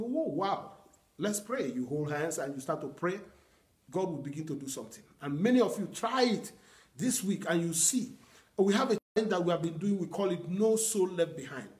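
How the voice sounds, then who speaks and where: Earnest preaching man, fairly high voice. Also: darkish tone. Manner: earnest teaching with repeated phrases and quoted prayers. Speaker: pastor. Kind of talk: sermon.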